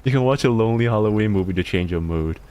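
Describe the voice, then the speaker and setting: A man streaming live, reading viewer submissions, excitable, swearing often and stammering over repeated words. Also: lowish voice, quick pace. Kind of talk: casual live-stream chat.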